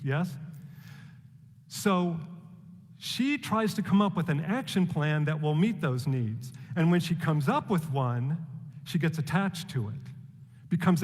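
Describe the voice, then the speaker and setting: Man, slightly high voice, measured public talk, rhetorical questions, long reverb of a large hall. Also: animated. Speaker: speaker giving a talk.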